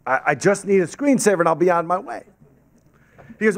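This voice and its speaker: Animated male storyteller at a podium. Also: high-pitched, a little fast, vocal fry. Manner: animated, acts out quoted voices. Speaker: guest speaker and storyteller. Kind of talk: storytelling speech to a club audience. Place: meeting hall with an audience. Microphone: podium microphone.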